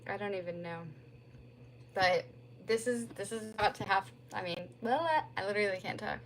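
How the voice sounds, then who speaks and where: A young woman livestreams from home on a phone, chatting in a rambling way with lots of "like" fillers. Her voice is mid-range at normal speed, with slight background noise.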